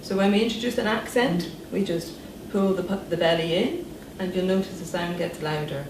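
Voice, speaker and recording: A woman voice therapist calmly guiding listeners through breathing and voice exercises in a slow, instructional manner. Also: on the low side. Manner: calm, slow instructional guidance. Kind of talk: demonstrating voice exercises. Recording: distant echoey room with background noise.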